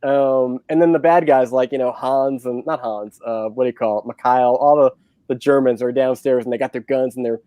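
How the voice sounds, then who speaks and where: A man's voice: medium pitch, brisk, dry recording. A man reviewing movies, chatting on a livestream and animatedly retelling scenes. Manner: animated storyteller, acting out scenes. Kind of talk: casual livestream chat.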